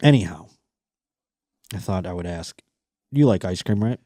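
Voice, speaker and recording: A man hosting a podcast in casual comedic chat, crude and animated, swearing constantly and mocking the stories he reads. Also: low-pitched, moderate pace, no room sound, clean studio sound. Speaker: podcast host.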